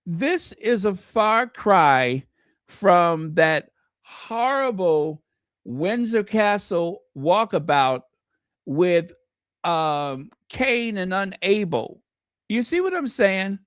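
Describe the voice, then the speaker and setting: A man's voice: high voice, sing-song, drawn-out words, fairly bright tone, clean tone, no echo, clean studio sound. A man giving casual video commentary, chatty and gushing, full of fillers and self-corrections, talking straight to his viewers. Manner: talks directly to viewers. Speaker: royal news commentator.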